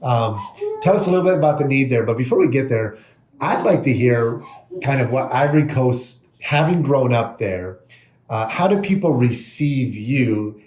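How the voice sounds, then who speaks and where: A man's voice: medium pitch, lively intonation, moderate pace, darkish tone. Chatty male podcast host, roomy sound. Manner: chatty, laughs through stories. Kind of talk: casual interview chat.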